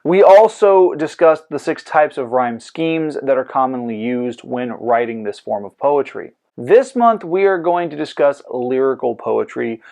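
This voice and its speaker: A man with an average-pitched voice hosts a scripted lesson on poetry. He explains terms in a clear, measured lecturing tone. He lets playful jokes slip in between the definitions. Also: a little mellow. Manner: clear lecturing with goofy comic asides. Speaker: host. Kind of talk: scripted educational podcast.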